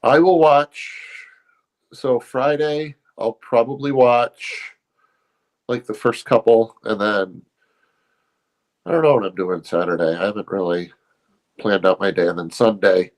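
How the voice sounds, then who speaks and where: A man's voice: fairly low pitch, a little slow, long pauses. A man co-hosting a podcast in casual chat, hesitant and often restarting his sentences. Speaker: podcast co-host.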